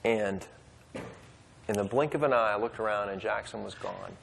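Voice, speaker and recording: A man's voice: fairly low pitch, moderate pace, gravelly, fairly bright tone, husky. A man telling a personal story at a Bible study, casual and conversational with fillers and restarts. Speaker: speaker at a men's Bible study. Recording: long hall reverb.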